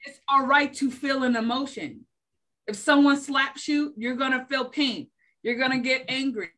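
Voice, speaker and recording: A woman's voice: sits high, normal speed, fairly bright tone. A woman in a faith discussion who explains her points steadily, listing them one after another. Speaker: panelist.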